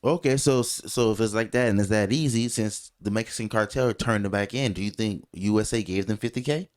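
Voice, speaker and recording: A man co-hosting a casual podcast, talking in an animated, jokey, rambling way with many restarts. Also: fairly low pitch, brisk. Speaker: co-host.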